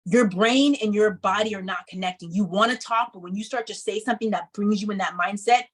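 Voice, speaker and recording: Woman, thirties, personal storytelling, animated, acts out quotes, mid-pitched voice. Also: a little fast, breathy edge, low-quality recording. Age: 30s. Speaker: speaker. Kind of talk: personal story told to an audience.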